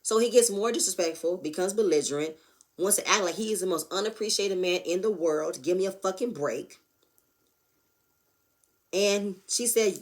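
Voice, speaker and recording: A woman giving a blunt, profane, animated recap of a reality show episode. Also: mid-range voice, moderate pace. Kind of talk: casual recap commentary.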